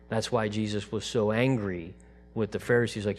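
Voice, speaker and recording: A man preaching a sermon to his congregation in a relaxed, conversational way, dropping to a soft, quiet voice when he quotes God. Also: on the low side, normal speed, few pauses. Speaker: pastor.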